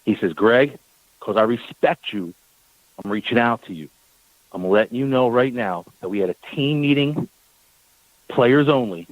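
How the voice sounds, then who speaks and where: A man's voice: mid-range voice, moderate pace, long pauses, dry recording, highs cut off. A man, a team owner, telling a long story on a talk radio show, acting out the exchanges and repeating words when worked up. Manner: animated storyteller, acts out quoted exchanges.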